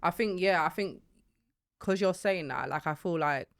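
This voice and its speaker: Low-voiced, soft-spoken woman. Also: moderate pace, no echo, clean studio sound. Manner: soft-spoken and reflective, often trailing off. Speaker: podcast co-host. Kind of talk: casual chat.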